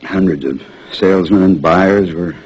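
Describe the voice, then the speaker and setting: An actor in his sixties playing a worn-out, proud old salesman who rambles, pleads and bursts into shouting. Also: deep voice, normal speed, breathy edge, poor audio. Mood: wistful. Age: 60s. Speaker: aging traveling salesman. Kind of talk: film drama acting.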